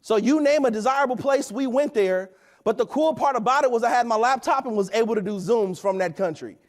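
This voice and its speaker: With an extremely high pitch and a fairly quick delivery, a man in his thirties gives a spirited, preachy motivational address at a company event. He often checks in with "right?"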